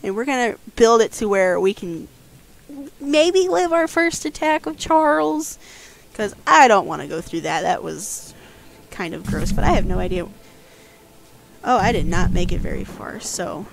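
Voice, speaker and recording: A woman's voice: mid-range voice, sing-song, a little slow, gravelly, slight background noise. Jumpy woman narrating a horror game. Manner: jumpy, yelps and squeals when scared. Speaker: guest gaming host. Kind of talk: casual let's-play commentary.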